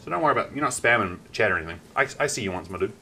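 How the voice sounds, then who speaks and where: A man's voice: on the low side, very fast, creaky, a little hiss or hum. A man with a New Zealand accent chatting casually on a live stream, telling a story with lots of swearing. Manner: animated storytelling, swears often.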